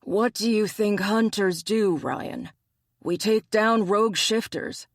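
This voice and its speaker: A man's voice: high-pitched, slow, creaky, no room sound, pitched above the performer's own voice, heavily acted. An audiobook narrator voicing a wry, teasing male bear-shifter hunter with a dry, needling manner, in a dry recording. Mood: insistent.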